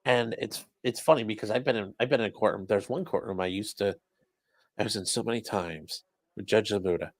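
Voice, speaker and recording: A man's voice: fairly low pitch, brisk, dry recording. Casual, profane male trial commentator. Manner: loose and profane, acts out courtroom quotes. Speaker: defense attorney commenting on a trial. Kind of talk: casual live-stream commentary.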